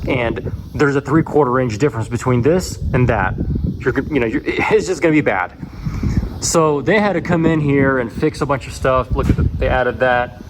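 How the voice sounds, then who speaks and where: A man casually walking through his house under construction, explaining framing problems in a rambling, animated way with many restarts. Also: medium pitch, normal speed, background noise. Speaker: home builder filming his build. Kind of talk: walkthrough vlog.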